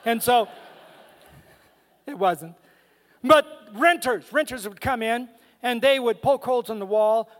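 A man's voice: very high-pitched, in a large hall. A man preaching a sermon as a guest speaker, humorous and emphatic, calling out to the congregation in a church. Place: church sanctuary.

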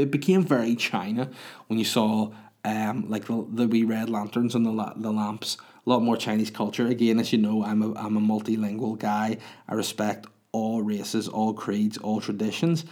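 A man's voice: lowish voice, a little mellow. Crude, rambling man telling a story. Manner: rambling, crude, self-mocking humor. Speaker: podcast host. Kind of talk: casual storytelling monologue.

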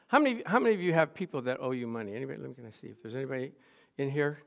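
A man preaching a sermon as pastor, telling stories with laughs and bursts of loud exclamation. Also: mid-range voice, racing, creaky. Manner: animated storytelling with laughs, rising to loud exclamations.

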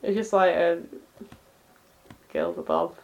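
A woman's voice: fairly low pitch, wildly swooping pitch, a little slow, vocal fry, lo-fi sound. A woman co-hosting a casual podcast chat, giggling as she reads comic panels aloud. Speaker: podcast co-host.

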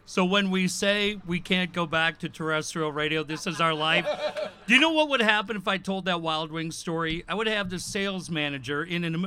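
A man's voice: high voice, animated, a little fast, sharp tone. A man co-hosting a live talk show, telling stories animatedly with laughter and swearing. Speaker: radio show co-host. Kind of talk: casual chat. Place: live show at a venue with a crowd.

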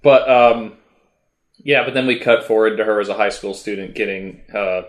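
A man's voice: lowish voice, normal speed. A man in casual conversation about comics, rambling with frequent restarts and laughs. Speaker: podcast co-host discussing comics. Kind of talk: casual chat.

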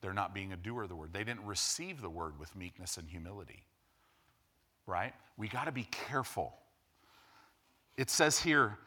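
Bright-voiced, impassioned male pastor. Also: low-pitched, animated, moderate pace, long pauses. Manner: impassioned, rises to loud emphatic preaching. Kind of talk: sermon.

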